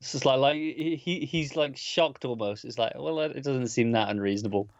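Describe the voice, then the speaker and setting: An easygoing male podcast co-host in casual chat, middle-pitched, mostly answering with short agreement. His audio is slightly dull and lo-fi. The sound is dry, with no room echo. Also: normal speed.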